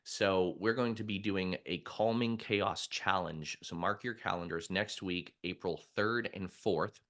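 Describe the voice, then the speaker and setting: A man's voice: sits low, unhurried, a bit bright. A middle-aged man, a mindset coach, talking candidly and conversationally in a live stream, with frequent restarts. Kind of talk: live-streamed casual talk.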